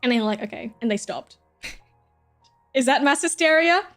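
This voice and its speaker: Young woman streaming, high voice, giggly rambly chat, cusses a lot, soft music behind. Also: expressive, measured pace.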